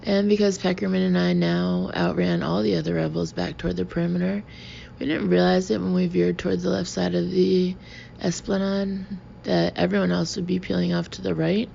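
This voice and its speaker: Gravelly, mellow woman reading a novel. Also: fairly low pitch, level tone, brisk, a little hiss or hum. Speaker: audiobook reader. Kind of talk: first-person novel narration. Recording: muffled lo-fi recording.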